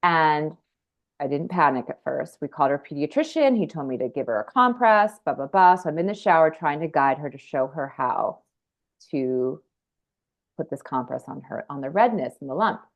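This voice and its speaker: Earnest woman in her forties as a rambling podcast guest, low voice, dull lo-fi audio. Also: expressive, moderate pace. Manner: earnest, rambling, frequent restarts. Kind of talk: candid conversational storytelling.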